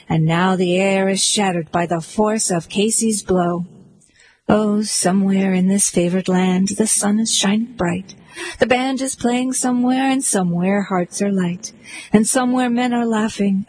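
Female poetry reader, dramatic and rhythmic verse delivery, mid pitch, faint room hiss. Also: low-quality recording. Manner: expressive, rhythmic verse reading.

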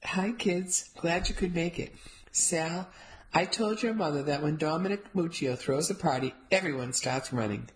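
A woman's voice: low-pitched, normal speed, close to an everyday voice, rough recording. A woman voicing a cheerful, boisterous middle-aged father who loves hosting parties. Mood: jovial. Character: hearty middle-aged father, jovial party host.

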